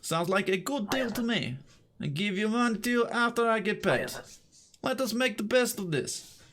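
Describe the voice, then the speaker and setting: A man's voice: expressive, moderate pace, a bit bright. A man voicing a grumbling, underpaid male border guard in a mock Russian accent, reading game dialogue aloud in stilted broken speech. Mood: wheedling, aggrieved. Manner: stilted broken speech, higher than his own voice.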